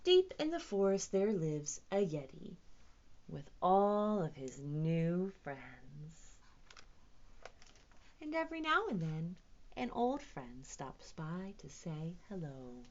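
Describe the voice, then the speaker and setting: A woman working as a children's librarian, reading a picture book aloud to young children in a playful, expressive storytime manner. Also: lowish voice, slow pace, dull audio.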